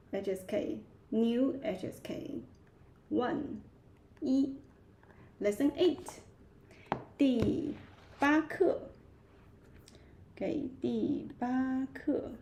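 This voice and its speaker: A woman runs a live Chinese lesson at a very slow, patient pace. Her voice is mellow with a gravelly fry, and she repeats each word again and again. She lingers on each tone. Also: sits high, expressive. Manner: slow, repeats each word many times, stresses tones. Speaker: Chinese teacher. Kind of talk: live-streamed language lesson. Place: live stream set-up at home.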